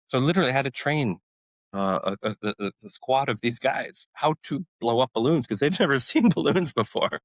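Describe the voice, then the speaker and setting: A man's voice: medium pitch, normal speed, dry recording, rough recording. A middle-aged man, a former special forces medic, telling a story in a podcast interview and acting out what people said. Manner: animated storyteller, acts out quoted dialogue.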